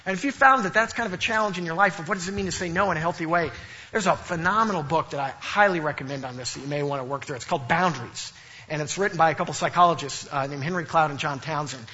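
A man's voice: a little high, fast, bright, forceful tone, lo-fi sound. A middle-aged man preaching a sermon, telling stories and playfully imitating the people in them. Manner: storytelling with playful, exaggerated imitations. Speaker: pastor.

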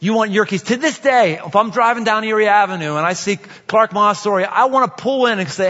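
A male pastor with a bright, fairly high voice, preaching in a relaxed, storytelling way and circling back on his key phrases. The sound is dull and lo-fi, with a long echo from a large hall. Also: quick pace. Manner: conversational storytelling with repeated phrases. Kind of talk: sermon.

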